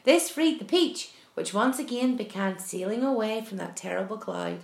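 A woman reading a children's story aloud with expressive, animated narration. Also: mid-range voice, normal speed, gravelly. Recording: roomy echo.

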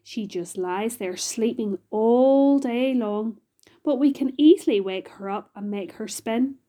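An old green grasshopper from a storybook, read by a woman, brisk and fatherly in a knowing way. The tone is mellow and the delivery unhurried and slow. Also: a little high. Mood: reassuring. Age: older. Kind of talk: storybook reading.

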